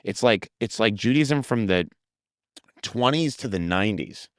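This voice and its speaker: A man from the United States, a comedian guest in a casual interview, talking quickly with many fillers and some swearing. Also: lowish voice, lively intonation, dry recording, clean studio sound.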